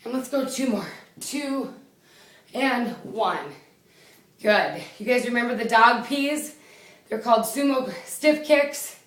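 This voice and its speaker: Woman fitness coach, loud and chatty, winded from exercising; raised voice, distant camera mic. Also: a little high, takes it slowly, pauses often. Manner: chatty, counting reps, laughing at herself. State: out of breath. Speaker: fitness instructor. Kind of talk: home workout instruction. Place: small indoor room. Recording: echoey room from a distance.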